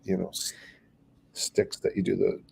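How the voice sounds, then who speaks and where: A man's voice: deep voice, monotone, normal speed, vocal fry, a little mellow, slightly rough. An older man, a strength coach, rambling through stories and acting out little quotes in casual podcast talk. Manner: rambling storyteller, acts out quotes.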